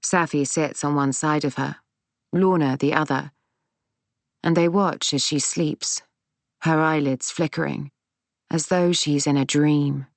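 A woman reading a novel aloud in calm, measured narration. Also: sits low, vocal fry, dry recording. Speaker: audiobook narrator. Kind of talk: scripted narration.

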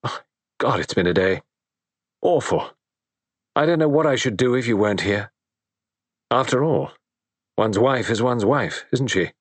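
A man's voice: medium pitch, animated, a little slow, pauses often, dry recording, pitched above the performer's own voice. A man voicing an anxious, fretful young husband in an audiobook, nervous and talking as if to reassure himself. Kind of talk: audiobook character voice.

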